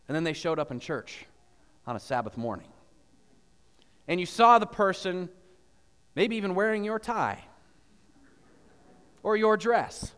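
A man preaching a sermon as pastor, telling a story with animated questions to the congregation. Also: sits high, in a large hall. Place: church.

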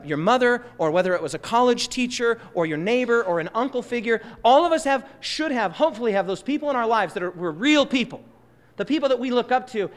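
A man preaching a sermon in a church, impassioned, swinging between loud emphatic bursts and soft, slow asides. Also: sits high, in a large hall.

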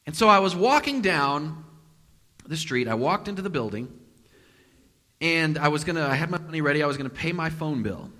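Guy preaching and telling a story, bright voice, really lively, big hall echo. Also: a little high, brisk, long pauses. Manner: animated, acts out quotes with sudden loud and hushed turns. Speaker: pastor. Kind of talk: sermon with personal storytelling. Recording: long reverb of a large hall.

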